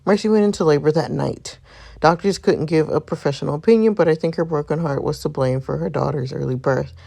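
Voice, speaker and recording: A woman reading a game's narration as a devoted, protective young man, in an earnest storytelling way with a gravelly texture. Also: sits low, fairly quick, warm tone, full character voice. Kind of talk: reading game narration aloud.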